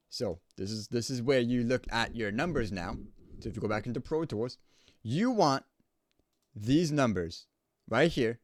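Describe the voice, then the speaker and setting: A mid-range male voice, recorded without echo on a nearby studio microphone, belongs to an audio engineer casually explaining home studio recording. He emphasizes things by saying them again.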